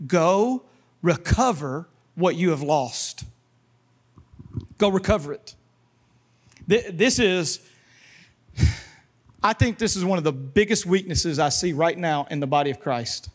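A man preaching as pastor, animated and leading his congregation in call-and-response, acting out prayers and voices of the people in his stories. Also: high voice. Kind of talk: sermon.

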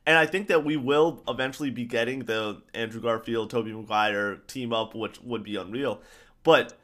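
Male podcast co-host, casual excitable rambler, mid pitch. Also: moderate pace. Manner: excited, rambling, repeats himself. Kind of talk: casual pop-culture chat.

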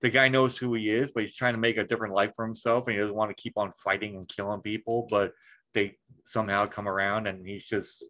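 A man's voice: on the low side, flat delivery, brisk, fairly bright tone, rough recording. Rambling swearing podcast host, man. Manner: rambling, swears freely, many fillers and restarts. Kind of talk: casual chat.

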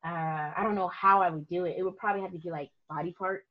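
A woman in a casual podcast chat, telling lively stories as a guest photographer and laughing often. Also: on the low side, fast talker. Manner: animated storyteller, laughs often. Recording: muffled lo-fi podcast audio.

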